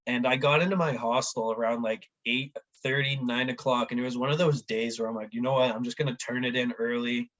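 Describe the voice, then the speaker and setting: A man telling a travel story in a casual chat, animated and acting out the voices of the people in it, with a lot of "like". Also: medium pitch, a little fast, few pauses, muffled recording. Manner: animated, acts out quoted voices, says "like" often. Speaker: podcast guest.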